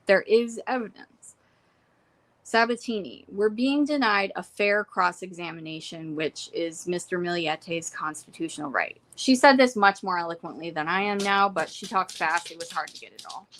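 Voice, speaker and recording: A young woman talks through her courtroom notes in a relaxed, chatty way. She reads out quotes from the hearing and drops in quick asides of her own, speaking from a room at home. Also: lowish voice. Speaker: trial reporter. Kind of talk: casual trial recap from notes.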